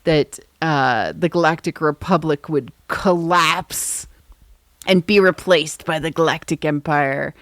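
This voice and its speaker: Low, taunting lady governor, quoted by a woman in passing, no real acting. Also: slow, dry recording. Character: taunting female villain governor.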